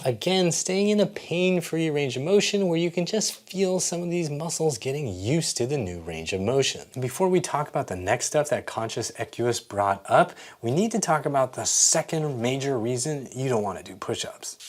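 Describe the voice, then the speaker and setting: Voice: medium pitch, lively intonation, normal speed, hardly any pauses. A fitness coach and channel host giving exercise instruction to camera, patient and encouraging, explaining each step.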